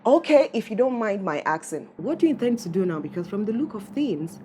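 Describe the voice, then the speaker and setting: An actress playing a level-headed friend who teases and calms her, speaking with a Nigerian accent. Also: mid-range voice, fairly quick, a little hiss or hum, natural voice. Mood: teasing. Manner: teasing and calming. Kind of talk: film drama acting.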